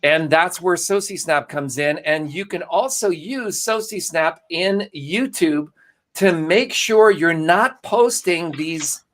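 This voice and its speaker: A man's voice: a little high, slow. A man co-hosting a live marketing broadcast, talking casually and greeting viewers by name. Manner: animated, salesy, addresses viewers by name. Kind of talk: casual live-stream presentation.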